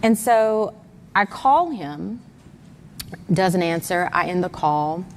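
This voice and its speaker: Woman recounting events, slightly low voice. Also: lively intonation, slow pace, long reverb tail, slight background noise. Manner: detailed, step-by-step retelling with times. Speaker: mother of a missing son.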